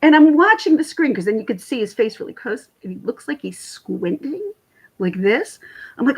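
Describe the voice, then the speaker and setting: Woman, 40s, slightly husky, rambling animated livestream chatter at her computer. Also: on the high side, normal speed. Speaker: vlogger chatting with live viewers. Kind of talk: casual livestream chat. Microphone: computer mic.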